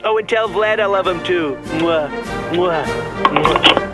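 A man voicing a boastful, bumbling male president in a comedy radio sketch, rambling with a wildly swooping pitch. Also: takes it slowly, over loud music.

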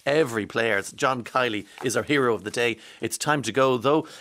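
A man's voice: medium pitch, moderate pace, fairly bright tone. An Irish man hosting a radio show, chatting casually and reading out listeners' texts with wry asides.

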